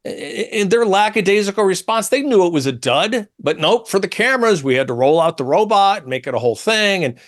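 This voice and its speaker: A man's voice: high-pitched, brisk, hardly any pauses. A man hosting a talk radio show, speaking emphatically and acting out quotes from others. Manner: animated, emphatic, quotes others in changed tones.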